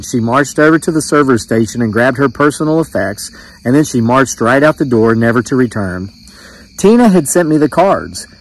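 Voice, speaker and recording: A man's voice: medium pitch, poor audio. A man reading his own true story aloud in a plain, conversational way, then chatting with a few fillers. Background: crickets chirping.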